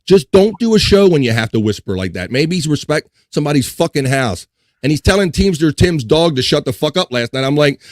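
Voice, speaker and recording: A man's voice: on the high side, animated, fairly quick, no echo. A man hosting a casual livestream podcast, reading chat and ranting with heavy swearing and frequent laughter. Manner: profane, ranting, laughing while venting.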